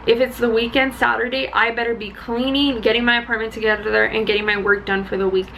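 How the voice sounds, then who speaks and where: A young woman vlogging casually, chatty and excitable with high energy. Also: quick pace, creaky, slight background noise, poor audio. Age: young adult. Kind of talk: casual chat.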